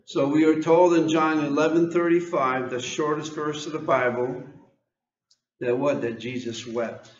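A man's voice: a little high, fairly even intonation, a little slow, roomy sound, lo-fi sound. An American man preaching an informal sermon, reading scripture and asking the congregation questions, often repeating words as he goes.

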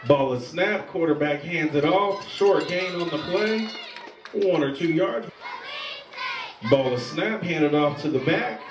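A man giving calm, steady play-by-play of a youth football game from an outdoor field. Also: a little high, slow pace. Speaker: play-by-play commentator. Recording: echoey, distant, with loud crowd and noise. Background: crowd and field noise.

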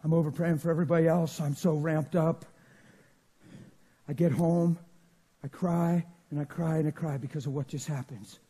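Husky high-voiced preacher man. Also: fairly even intonation, normal speed, pauses often. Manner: storytelling with sudden loud and hushed swings. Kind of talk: sermon. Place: church.

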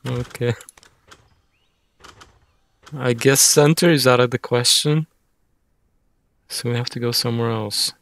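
A man with a gravelly, creaky voice talks through a video game as he plays. He rambles, grumbles when things annoy him, and pokes fun at himself. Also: medium pitch, steady tone, a little slow, long pauses, a bit bright, no echo. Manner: frustrated, rambling, self-mocking. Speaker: gaming streamer. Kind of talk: casual gameplay commentary.

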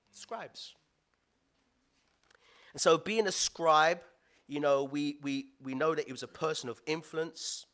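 A man delivers a sermon, his tone bright and ringing. He slips into playful slang and quick asides. His voice sits a little high for a man. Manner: lively, playful preaching with London slang and asides. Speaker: pastor.

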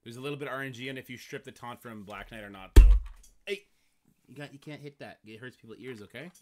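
A man's voice: mid-range voice, fast talker, noisy background. A man streaming a game, chatting casually and playfully coaching his toddler to speak. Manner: playful, coaxing, teaching a toddler to talk. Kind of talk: casual livestream chat.

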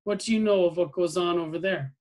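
A grave, weary military father, read aloud by a man in a storybook reading. He speaks in a measured, questioning way, a little high in pitch. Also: a little mellow, lightly acted, poor audio.

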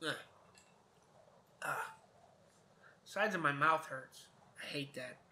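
Very bright-voiced profane young gamer. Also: male voice, a little high, slow. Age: 20s. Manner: profane, rambling, chatty. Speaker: gameplay commentator. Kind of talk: casual let's-play commentary.

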